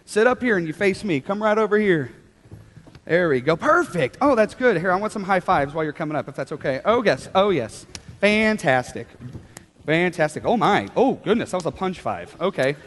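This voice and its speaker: Lively high-voiced man leading children. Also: normal speed, a little hiss or hum. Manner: upbeat, animated, coaxing kids to join in. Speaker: children's church leader. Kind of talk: children's sermon. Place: large church hall with children. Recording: hall reverb.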